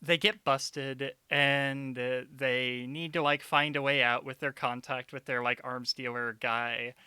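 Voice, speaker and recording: A man's voice: medium pitch, unhurried, clean tone, dry recording, clean studio sound. A young man on a stream, ranting about a film in casual chat, sarcastic and swearing often. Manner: animated, sarcastic, swears a lot. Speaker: streamer, co-host.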